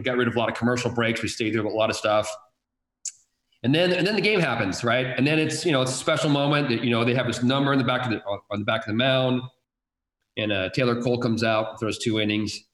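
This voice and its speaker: A man who works as a TV sports director tells a story in a casual, halting and reflective way. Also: mid-range voice, a bit bright. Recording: roomy echo.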